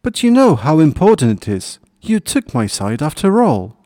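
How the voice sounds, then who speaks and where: A man's voice: on the high side, huge pitch swings, moderate pace, warm tone, no room sound, clean studio sound, voice pushed up. A man doing a small, plaintive hedgehog. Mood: earnest. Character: small anxious earnest male hedgehog.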